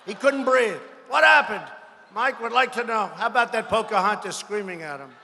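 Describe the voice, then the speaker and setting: A man delivers a campaign rally speech in a bright, forceful voice pushed very high as he shouts to the crowd. He mocks his targets and repeats his phrases for effect. His voice rings with the long reverb of a large rally venue. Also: a little fast, slight background noise. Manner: boastful, mocking, repetitive phrasing; frequent shouted lines to a crowd. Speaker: politician addressing a rally.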